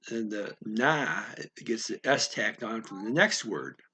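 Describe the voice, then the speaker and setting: A man slowly explaining a story word by word as a language teacher, thinking aloud with many pauses. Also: on the low side, animated, bright, forceful tone, a little hiss or hum. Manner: slow, thinking aloud, frequent fillers.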